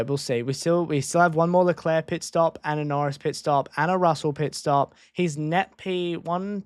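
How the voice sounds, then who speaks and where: A man's voice: fairly high pitch, darkish tone, no echo, studio quality. A man streaming a live race watchalong from a home desk microphone, chatting casually and repeating himself as he reacts to each moment.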